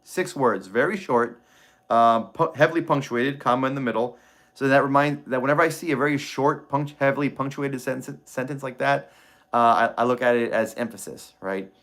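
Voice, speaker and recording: A man's voice: medium pitch, a bit bright. Man musing aloud over a puzzle book. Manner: thinking aloud, reading chat, halting restarts. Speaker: treasure-hunt book streamer. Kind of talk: casual livestream chat reading a book aloud.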